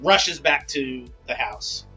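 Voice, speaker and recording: A man's voice: mid-range voice, lively intonation, slow pace, over music. A man playing a tabletop game, casually describing his character's actions. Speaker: player. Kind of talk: tabletop role-play narration.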